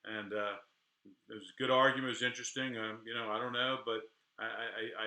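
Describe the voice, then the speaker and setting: A middle-aged defense attorney talks straight to the camera, candid and animated, often stumbling and restarting his sentences. His voice is sharp and bright. The sound carries a noticeable room echo. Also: mid-range voice, a little fast. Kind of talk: casual talk to camera.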